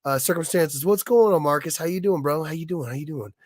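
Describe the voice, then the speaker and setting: A man with a hoarse, raspy voice from being sick, chatting casually on his livestream and stumbling over restarts. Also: on the high side, darkish tone, dry recording, clean studio sound. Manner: halting, many restarts and fillers. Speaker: livestream host, illustrator.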